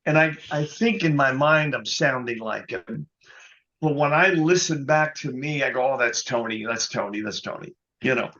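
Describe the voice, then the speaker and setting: A man being interviewed as a guest musician, telling an anecdote in a casual, animated way, often adding "you know". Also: mid-range voice, highs cut off. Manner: animated anecdote teller, quotes others, many "you know"s.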